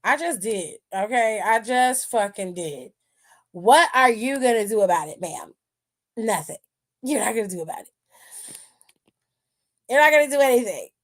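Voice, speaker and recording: A woman's voice: medium pitch, animated, normal speed. A woman hosting a wrestling aftershow stream, talking in a sassy, profane, casual way and laughing often.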